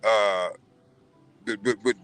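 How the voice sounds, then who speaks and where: A man's voice: on the low side, steady tone, slow pace, a bit bright, faint music behind. A man hosting a casual podcast, giving emphatic, profane opinions. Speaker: podcast host.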